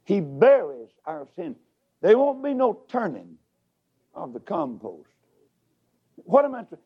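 Fiery preacher with wild pitch swings. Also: male voice, big pitch swings, a little slow, husky, lo-fi sound. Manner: shouting, sing-song swoops between loud highs and hushed drops. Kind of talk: revival sermon.

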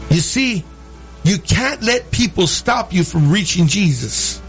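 A man preaching a sermon in English and Spanish, calling his listeners brother and rising into shouted, sing-song cadences. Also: sits high, very animated, a little slow, vocal fry, faint music behind. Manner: preaching, switching between English and Spanish, calling out "hermano" and "amen". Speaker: pastor. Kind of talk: bilingual sermon.

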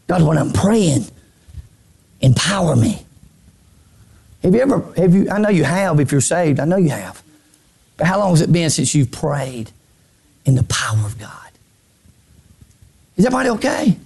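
A man preaching a sermon from a church pulpit. He repeats phrases and swings between shouted lines and hushed low ones. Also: very animated, a little slow, gravelly, long pauses, slightly rough. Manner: repeats phrases, stammers on restarts. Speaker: pastor.

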